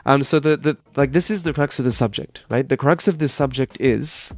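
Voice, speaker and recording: A man's voice: medium pitch, moderate pace, faint music behind. A young adult man tutoring a student one-on-one over a video call, explaining at length and tagging his sentences with "right?".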